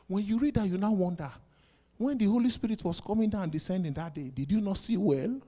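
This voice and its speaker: A pastor preaching a sermon, asking rhetorical questions and bursting into sudden loud shouts. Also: male voice, sits high, brisk.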